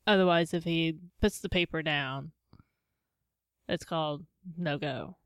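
A smooth, clear voice explains a point in short, matter-of-fact bits. This is a casual chat recorded close and dry, with no room sound. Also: medium pitch, a little slow, a bit bright, no room sound.

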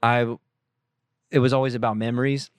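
A man's voice: mid-range voice, flat delivery, normal speed, clear, resonant tone, no echo, clean studio sound. Loose, swearing young man answering questions. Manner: loose, profane, rambling with self-corrections. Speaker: photographer answering viewer questions. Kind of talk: casual Q&A chat.

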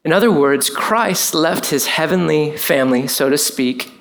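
Man, pastor, conversational sermon, animated asides. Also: a little high, moderate pace, gravelly.

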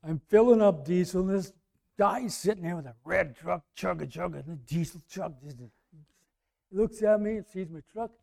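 A man preaching a sermon in a conversational way, asking the congregation questions and swinging from quiet asides to loud emphasis. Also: high-pitched, moderate pace, vocal fry.

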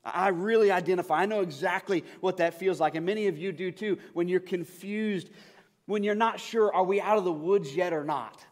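A man preaching a sermon, telling a personal story that moves between hushed and urgent moments. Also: sits high, moderate pace, in a large hall. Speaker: pastor.

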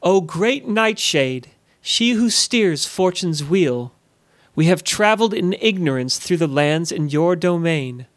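A man voicing a young queen who calls out a slow, solemn invocation in a raised, higher voice. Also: dry recording. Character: young female queen, earnest and devout.

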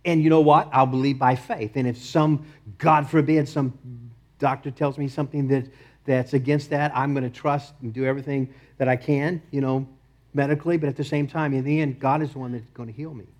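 A pastor preaching a sermon with passion, repeating short declarations and swinging from loud insistence to quiet, intimate appeals. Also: male voice, medium pitch, level tone, brisk. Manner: impassioned, repeats key phrases, rises then drops to near murmur. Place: church.

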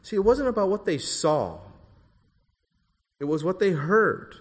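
A man preaching a sermon in a church, emphatic, rising to forceful bursts on key phrases. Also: high-pitched, very animated, measured pace, breathy edge, in a large hall.

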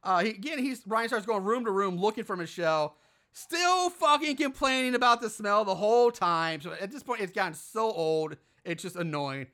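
Role: podcast host. Style: casual film recap. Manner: profane, animated, exasperated. Tone: bright, lively pitch. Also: moderate pace.

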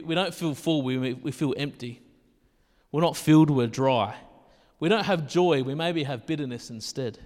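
Man, Australian accent, high voice, sermon, conversational, restarts words, long echo of a big hall. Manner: conversational, repeats himself, self-deprecating asides. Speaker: preacher. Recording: long reverb of a large hall.

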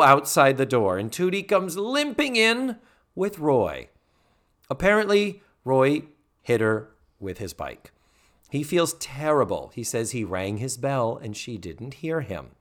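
Man, podcast co-host, casual storyteller, animated pitch, mid voice. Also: a little slow. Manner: chatty, acts out quotes, many fillers. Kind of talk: casual recap of a sitcom episode.

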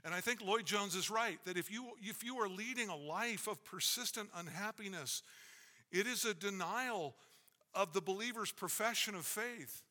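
A man's voice: sits high, normal speed, bright, forceful tone. A man preaching a sermon as a pastor, emphatic and repetitive in his cadence. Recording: long reverb of a large hall.

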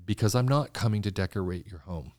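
A man, a designer guest in an interview, telling stories in an animated way and acting out the voices of people he quotes. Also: lowish voice, fairly quick, dry recording, studio quality. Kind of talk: conversational interview storytelling.

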